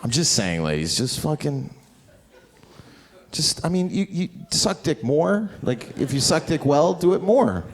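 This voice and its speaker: A man performing a stand-up comedy set on a club stage, brash and profane, swinging between loud outbursts and low mutters. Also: sing-song, a little slow. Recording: noisy live club recording. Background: audience laughter.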